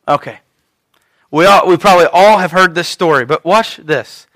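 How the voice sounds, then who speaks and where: High-voiced, bright male preacher. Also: normal speed. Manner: animated, conversational storytelling. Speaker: pastor. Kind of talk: sermon.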